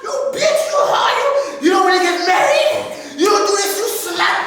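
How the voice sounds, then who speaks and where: A man mimicking his outraged middle-aged mother, shrill and shouting. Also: animated, normal speed, a little hiss or hum. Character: furious middle-aged mother, shrieking scolds. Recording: echoey room, mic far off.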